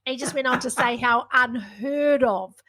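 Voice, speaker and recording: A New Zealand woman in middle age co-hosts a relaxed podcast, lively and quick to tease. Her voice sits on the high side for a woman. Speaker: podcast co-host. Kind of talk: casual chat.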